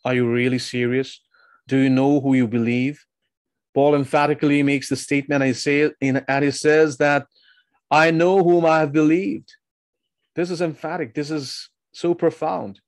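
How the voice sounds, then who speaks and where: A man's voice: mid-range voice, flat delivery, normal speed, no room sound. A man preaching a sermon, earnest and emphatic, asking his listeners pointed questions.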